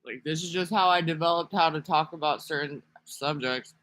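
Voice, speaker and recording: A man's voice: fairly high pitch, moderate pace, pushed and bright, no room sound. A man talking casually to camera in a rambling, profane, sarcastic vlog monologue. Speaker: vlogger.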